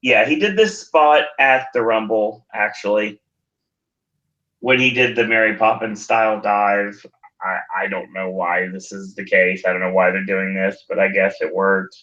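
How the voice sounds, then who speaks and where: A man's voice: lowish voice, steady tone, a little slow, sharp tone, highs cut off. Man recounting a wrestling match plainly. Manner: plain play-by-play recounting, dry asides. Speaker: podcast host. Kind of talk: casual wrestling recap chat.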